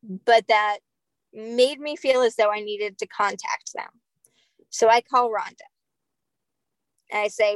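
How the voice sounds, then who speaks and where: A woman's voice: medium pitch, fairly even intonation, a little slow, long pauses, no echo, poor audio. A woman, a spirit medium on a podcast, telling a story in a casual, chatty way full of "like" and "um". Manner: chatty, filler-heavy with frequent "like" and "um".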